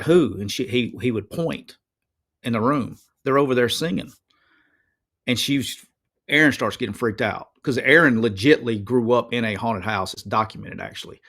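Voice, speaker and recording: A man, telling stories in a casual chat as a guest, animated and rambling, often repeating himself. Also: lowish voice.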